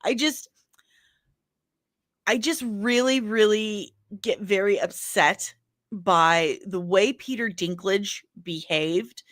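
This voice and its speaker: A woman's voice: mid-range voice, slow, a bit bright, dry recording, studio quality. A woman chatting casually and candidly on a livestream, rambling, laughing often and apologizing in asides.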